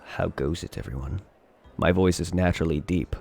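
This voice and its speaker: A man putting on a deep, soft, hushed voice in a jokey whispered role-play. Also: moderate pace, gravelly, breathy edge, faint music behind, heavily acted.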